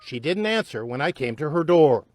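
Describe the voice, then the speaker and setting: A man reporting a local TV news story, narrating the story and questioning interviewees in a measured way. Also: a little high, animated, darkish tone, slight background noise.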